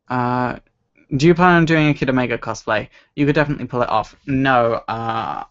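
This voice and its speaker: A man's voice: medium pitch, a bit bright. A young man from Scotland, casually chatting as a livestream host answering viewer questions, rambling and self-deprecating. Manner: rambling, self-deprecating, laughs at own stories. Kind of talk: casual chat. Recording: dull lo-fi home stream audio.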